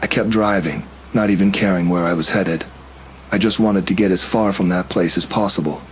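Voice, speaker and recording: A man narrating a first-person horror story in a steady, tense storytelling manner. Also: sits low, fairly quick, slight background noise, rough recording.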